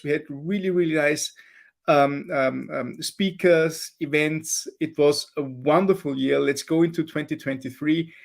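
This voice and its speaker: A man hosting an online meetup Q&A who is losing his voice, talking in a chatty, hesitant way with many ums and restarts over a video call. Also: on the high side. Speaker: meetup host moderating Q&A.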